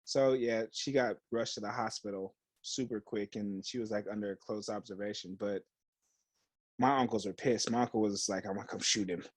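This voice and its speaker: This young podcast co-host has a lowish voice, fairly even intonation, and a moderate pace, recorded with no room sound. In casual chat he tells a story, acting out quotes, cursing freely, and using heavy slang.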